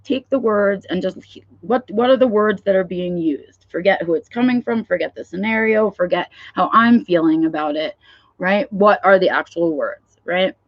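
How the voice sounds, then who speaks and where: A woman's voice: medium pitch, normal speed, no echo, dull audio. A woman talking frankly in a live vlog, swearing freely and often checking in with "right?". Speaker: vlogger. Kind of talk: candid livestream talk.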